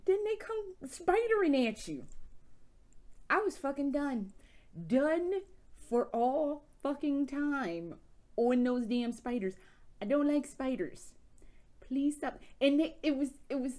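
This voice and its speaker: Animated, laughing woman game vlogger. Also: fairly high pitch. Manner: animated, profane, laughing storyteller. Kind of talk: casual game review chat.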